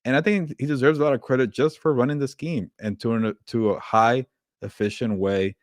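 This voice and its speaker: A man's voice: mid-range voice, steady tone, moderate pace, dry recording, clean studio sound. A man co-hosting a podcast, chatting casually about football, laughing often and using lots of fillers and restarts. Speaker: podcast co-host. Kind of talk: casual sports chat.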